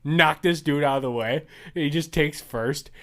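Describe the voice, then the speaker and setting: A young man co-hosting a casual podcast, telling animated stories and laughing through them. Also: on the high side, moderate pace. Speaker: podcast co-host. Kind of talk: casual chat.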